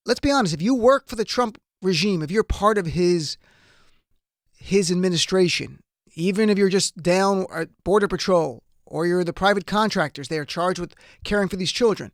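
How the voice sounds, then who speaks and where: A man's voice: high-pitched, normal speed, no room sound, clean studio sound. A man hosting a political talk show, delivering emphatic, indignant commentary. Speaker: radio talk show host.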